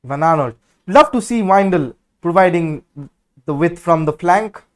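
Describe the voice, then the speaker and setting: Guy with a pretty high voice doing watch-along commentary, outspoken, gets fired up. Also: a little slow. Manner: excitable, blunt and outspoken. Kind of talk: live match commentary.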